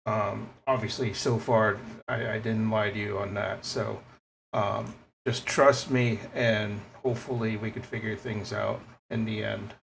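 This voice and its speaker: An earnest young adventurer as a man plays him, halting and full of restarts, in a tabletop game. His voice is low and gravelly, with a flat, even melody. A faint hiss sits behind him. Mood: reassuring.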